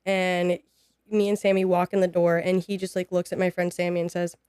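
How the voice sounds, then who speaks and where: A woman's voice: lowish voice, a little fast, smooth, no room sound, clean studio sound. A woman in her twenties, a podcast guest, telling a personal story and acting out what people said. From United States. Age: 20s. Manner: animated, acts out quoted dialogue.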